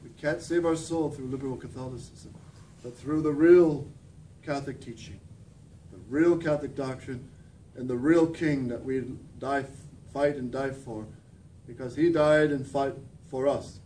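A man preaching a fervent sermon as a priest, often dropping to a quiet, intense emphasis. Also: steady tone, measured pace. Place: church. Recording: distant mic with faint rumble.

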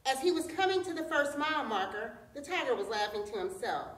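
Expressive woman reading a folktale. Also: high-pitched, fairly quick. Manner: expressive storytelling. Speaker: storyteller. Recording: roomy echo, distant mic.

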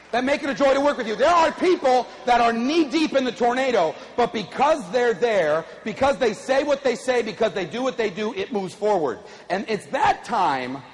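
A middle-aged man giving an animated keynote speech to a live audience, drawing call-and-response from the crowd. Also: very high-pitched. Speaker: motivational speaker. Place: large conference hall. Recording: echoey hall, faint ambience.

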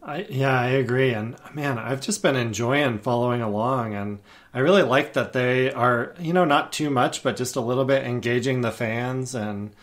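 A man's voice: medium pitch, moderate pace. Eager, rambling man on a podcast. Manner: eager, rambling, many fillers and restarts. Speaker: podcast guest. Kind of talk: casual podcast chat. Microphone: podcast microphone.

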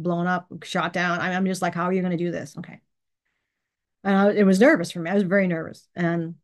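A woman hosting her own channel, telling a personal story in a chatty, casual way, laughing often and acting out the dialogue. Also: lowish voice. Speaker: channel host. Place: bedroom.

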